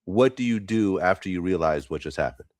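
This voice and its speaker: A male interviewer with a very low voice asks his questions carefully, rephrasing midway as he goes. The sound is dry, with no room echo. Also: lively intonation, fairly quick, darkish tone.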